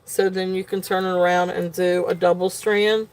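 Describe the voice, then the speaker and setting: A woman's voice: fairly low pitch, flat delivery, normal speed, a little mellow. A woman at home hosting a live jewelry sale, gushing over each piece with many ums. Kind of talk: live auction selling.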